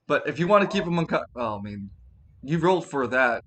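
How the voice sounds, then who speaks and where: Animated, bright-voiced game master man. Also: a little high, fairly quick. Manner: animated, laughs a lot, yells comedically. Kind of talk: running a tabletop game, laughing often.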